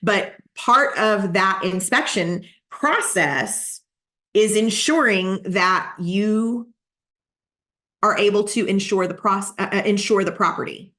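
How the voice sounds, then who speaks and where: Over a video call, a female real estate coach runs a live online coaching session, practical in approach and repeating her key points for emphasis. Her voice is medium-pitched and sharp, and she speaks slowly.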